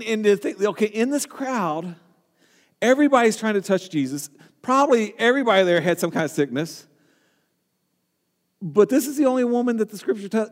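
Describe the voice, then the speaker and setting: A male pastor delivers a sermon with a high voice for a man, animated and wry. He acts out the people in the story and drops self-deprecating asides along the way. His words ring out with a long hall reverb.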